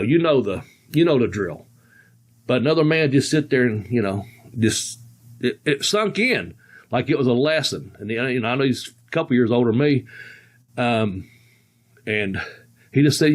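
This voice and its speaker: A man's voice: mid-range voice, animated, normal speed. A man in his sixties, a podcast host, telling stories in a rambling, folksy way with frequent chuckles. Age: 60s. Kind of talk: casual storytelling.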